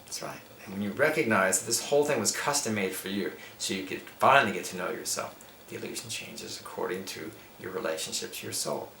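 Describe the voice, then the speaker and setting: A man's voice: sits low, a little fast, vocal fry, bright, forceful tone. Emphatic middle-aged man in an echoey room. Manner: emphatic, preachy, lists points. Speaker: yoga teacher. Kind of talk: spiritual interview talk. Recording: echoey room with faint background noise.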